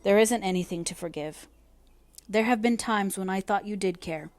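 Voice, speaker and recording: A woman voicing an earnest young man in love, speaking quietly and steadily. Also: sits high, normal speed, no echo, close to an everyday voice. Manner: quiet, earnest, then bitter.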